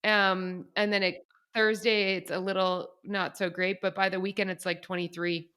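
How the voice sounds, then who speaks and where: A woman's voice: mid-range voice, normal speed, clear, resonant tone. A young adult woman co-hosting a podcast, telling a story in casual chat, quoting people and laughing often. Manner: animated storyteller, laughs often, quotes others. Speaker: podcast co-host.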